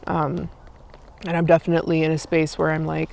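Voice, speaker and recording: A woman's voice: low voice, completely flat delivery, a little fast, creaky, a little mellow. A woman in her late twenties chatting casually as a vlogger, full of "like" and "um" fillers, eating a snack while she talks. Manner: chatty, loose, many "like" and "um" fillers. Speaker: vlogger and streamer. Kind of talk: casual chat. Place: outdoors, in a park.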